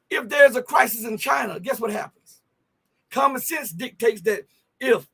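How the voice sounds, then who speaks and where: High gravelly man ranting about the news. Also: bright, forceful tone. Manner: emphatic, rhetorical questions, frequent "okay?" and "right?". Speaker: host of a live news commentary stream. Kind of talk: freestyle live news commentary.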